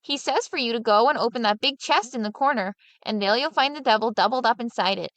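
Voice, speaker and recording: A woman's voice: a little high, fast talker, fairly bright tone, dry recording, close to an everyday voice. A woman voicing a clever, scheming peasant man who talks in a sly, coaxing way, in a storybook reading.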